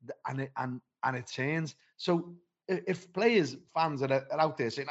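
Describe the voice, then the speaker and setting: A man's voice: a little high, moderate pace, lo-fi sound. A man who referees football, chatting on a podcast in a rambling, blunt and matey way with many restarts. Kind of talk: casual podcast chat.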